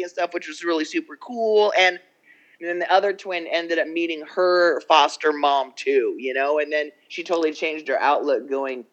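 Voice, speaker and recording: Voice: mid-range voice, fairly even intonation, moderate pace, muffled recording. A podcast co-host chatting casually, rambling through a story, acting out the quotes and swearing freely. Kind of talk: casual chat, retelling a documentary.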